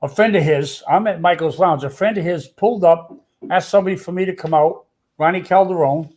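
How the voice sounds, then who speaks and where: A man's voice: high-pitched, brisk, darkish tone. An older man telling a story in casual talk, blunt and tough, swearing freely. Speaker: storyteller guest.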